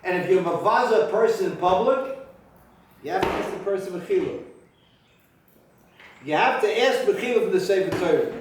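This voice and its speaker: A man rabbi teaching a halacha class, talking with halting restarts and sudden emphatic rises in pitch. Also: lively intonation, noisy background. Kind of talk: spoken Torah lecture. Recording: very echoey room from far off.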